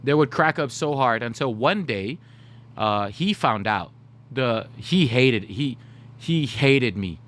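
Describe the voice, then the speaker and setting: A man in his thirties streaming, telling funny stories to his chat in a casual, animated way. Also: medium pitch, slow. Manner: animated, laughing, slips into put-on voices for quoted people.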